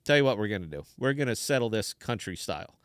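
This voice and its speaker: A man voicing a big, burly, stubborn farmer in a told joke, speaking gruffly and matter-of-factly. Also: lowish voice, expressive, fast, dry recording, studio quality, pitched below the performer's own voice, close to an everyday voice. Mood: stern.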